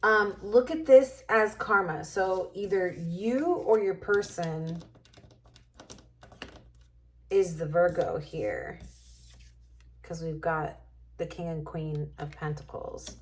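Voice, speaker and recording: A woman's voice: on the low side, slow, pauses often. A woman doing a casual tarot reading to camera, musing and thinking aloud as she turns cards. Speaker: tarot reader.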